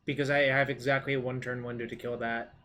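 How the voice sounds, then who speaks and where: A man's voice: mid-range voice, flat delivery, fast talker, pushed and bright. A man commentating his own card game match in a casual way, thinking aloud and swearing now and then.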